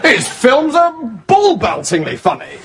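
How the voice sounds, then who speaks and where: A man's voice: very high voice, wildly swooping pitch, unhurried, a loud crowd, heavy background noise, heavily acted. A man playing a naive young officer in a studio sitcom, hearty and gushing. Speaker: lieutenant.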